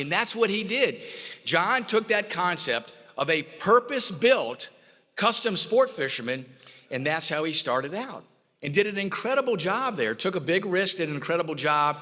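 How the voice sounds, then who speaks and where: Guy giving an award speech, folksy storyteller, bright punchy voice, big echoey ballroom. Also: high-pitched, very animated, normal speed. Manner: folksy storytelling, acts out quoted dialogue. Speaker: award presenter. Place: hotel ballroom. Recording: long hall reverb.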